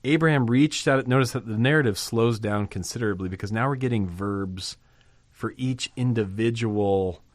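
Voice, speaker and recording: A man's voice: mid-range voice, normal speed, no room sound. A man teaching a Bible passage, reading verses aloud and commenting on them conversationally.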